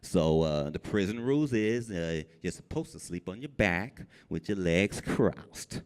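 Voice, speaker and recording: A man telling a comic story live on stage, animated and jumping high when he quotes people. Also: measured pace, clear, resonant tone. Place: brewery event space with an audience. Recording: long reverb in a live venue.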